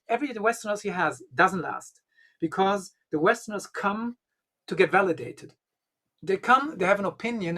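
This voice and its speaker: A man's voice: high-pitched, a bit bright. A man, a guest and Gnostic bishop, telling a long anecdote in casual conversation, full of "you know" and "um". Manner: rambling, leans heavily on 'you know' and 'um'. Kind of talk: conversational storytelling.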